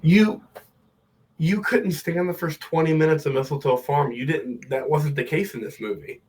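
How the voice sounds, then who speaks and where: A man's voice: fairly high pitch, normal speed, darkish tone, rough recording. A man co-hosting a casual movie podcast, joking and teasing, with some profanity. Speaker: podcast co-host.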